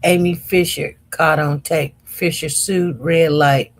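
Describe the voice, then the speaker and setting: A woman hosts a casual livestream and reads viewer comments aloud. She talks slowly and wanders from point to point. Her manner is chatty, and she keeps turning to her audience as y'all. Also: deep voice, fairly even intonation. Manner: chatty, slow and meandering, addresses viewers as y'all. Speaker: livestream host.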